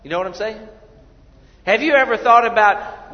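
Man pastor giving a sermon, kinda high voice, talks to the crowd like a chat, dull sound with a big hall echo. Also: normal speed, pauses often. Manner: earnest, conversational preaching with repeated words and asides to the congregation. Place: church sanctuary. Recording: dull audio with long hall reverb.

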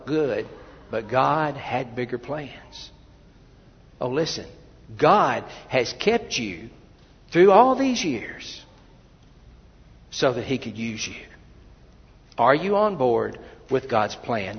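Gravelly preacher man in an echoing hall. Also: a little high, lo-fi sound. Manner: impassioned preaching, swings from quiet to loud. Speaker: pastor. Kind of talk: sermon.

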